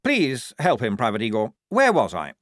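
A man's voice: medium pitch, huge pitch swings, moderate pace, a bit bright, no room sound, studio quality. A man voicing an eager, naive, upper-class young male lieutenant, in a raised, chirpy voice. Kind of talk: audiobook character voice.

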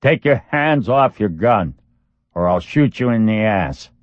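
A big, battered ex-military man, voiced by a male narrator, barks short, blunt commands in a deep, low register. The delivery is terse and hard, with no wasted words. The recording is dull and lo-fi, dry and close with no room sound. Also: expressive, a little slow, dry recording. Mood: threatening.

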